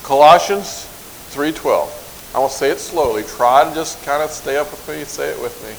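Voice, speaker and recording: A man teaching a Bible verse to a live group, light-hearted and joking, drawing out lists slowly as he recites. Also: a little high, vocal fry, a little hiss or hum, low-quality recording. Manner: light-hearted, jokes and chuckles; slow, drawn-out recitation of lists. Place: in front of a group in a room.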